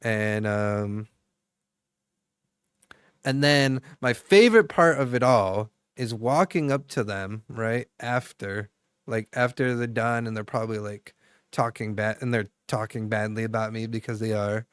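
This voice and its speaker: Young male streamer, rambling casual chat with viewers, smooth clear voice, dry close sound. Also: lowish voice, unhurried, no echo. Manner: rambling, chatty, full of fillers and restarts.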